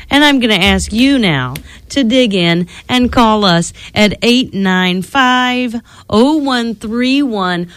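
A woman radio host reading a children's storybook aloud in a studio with an expressive delivery, then appealing to listeners. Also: lowish voice, no room sound.

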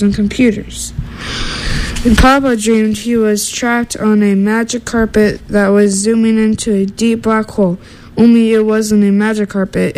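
A woman reading a children's storybook aloud in a steady, gentle way, with small slips and restarts. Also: medium pitch, poor audio.

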